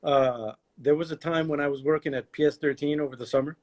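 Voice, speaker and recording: A man's voice: a little high, steady tone, fast talker, a little mellow. A man who is a guest on a livestream chat, easygoing, adding his own short memories to the story. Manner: laid-back, chimes in with short memories. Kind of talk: casual reminiscing chat. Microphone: livestream call audio.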